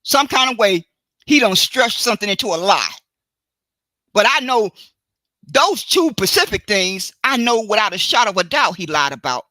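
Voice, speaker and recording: A woman hosting a solo live stream, talking in a deliberate, emphatic way and often stopping to correct and repeat herself. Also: medium pitch, big pitch swings, pushed and bright, no echo. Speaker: livestream host. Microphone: computer mic for a live stream.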